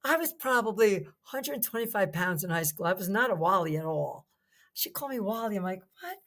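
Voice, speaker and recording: A woman's voice: medium pitch, lively intonation, fairly quick, fairly bright tone. An older woman from New Jersey, a podcast guest chatting casually, enthusiastic and rambling, full of restarts. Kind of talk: casual chat.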